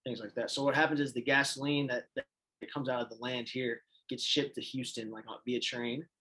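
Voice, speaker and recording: A man who is an assistant coach, a guest on a podcast, talking in a relaxed, rambling, self-deprecating way. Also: mid-range voice, a little fast, slightly rough, low-quality recording. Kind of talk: casual chat.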